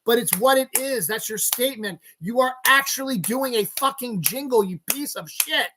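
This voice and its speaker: A man hosting a solo podcast, ranting angrily with heavy swearing and sudden bursts of yelling. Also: sits high, normal speed. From Eastern United States. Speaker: podcast host. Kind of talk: solo rant.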